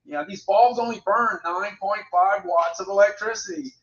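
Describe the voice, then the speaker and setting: A chatty man runs a casual product livestream, often repeating his phrases as he reads out prices and ratings. His voice sits high and sounds bright and forceful. The recording is roomy and dull, with a lo-fi edge. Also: normal speed.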